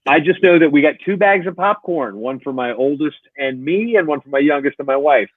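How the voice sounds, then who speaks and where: A man's voice: fairly high pitch, lively intonation, fairly quick. A man chats on a podcasting livestream and keeps cracking jokes and laughing along. His voice comes through a tinny, phone-like line with no room echo. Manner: joking, laughs often. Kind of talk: casual chat.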